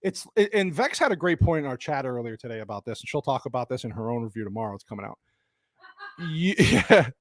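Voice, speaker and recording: A man's voice: medium pitch, brisk, no room sound, studio quality. A man reviewing a movie live on stream, talking to his chat in a casual, exasperated rant full of swearing. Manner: exasperated, animated, swears often, talks to chat.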